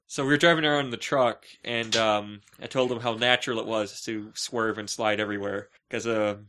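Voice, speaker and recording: A man's voice: on the low side, fairly even intonation, fairly quick, a bit bright, a little hiss or hum. A man co-hosting a podcast in casual, joking chat with friends. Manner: joking, playful. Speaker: podcast co-host.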